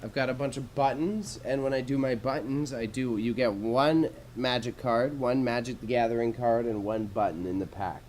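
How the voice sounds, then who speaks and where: A man's voice: mid-range voice, fairly even intonation, normal speed, hardly any pauses, noisy background. A young Canadian man with a Canadian accent, chatting casually and with slang to viewers during a livestream while he sorts jewelry. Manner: laid-back, slangy, swears casually, chats with viewers.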